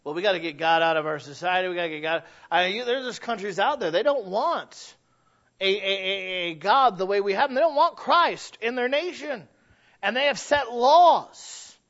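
A man's voice: sits high, expressive, normal speed, fairly bright tone. A man preaching a sermon as pastor, talking in a conversational but emphatic way with frequent restarts. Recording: dull lo-fi sound.

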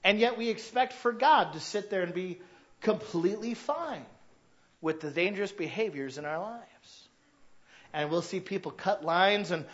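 A man in his thirties preaching a sermon, telling stories and acting out shouting parents. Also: high voice, lively intonation, moderate pace, muffled recording. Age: 30s. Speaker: pastor.

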